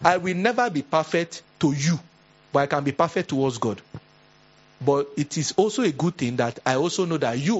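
A male pastor with a Nigerian English accent, preaching an earnest, exhorting sermon with animated storytelling. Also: on the high side, dull audio.

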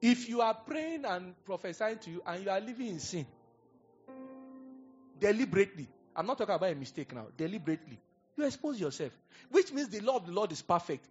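A man with a Nigerian accent preaching a sermon, telling stories and swinging from quiet asides to loud exhortation. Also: sits high, very animated, fairly quick, highs cut off, faint music behind. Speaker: pastor.

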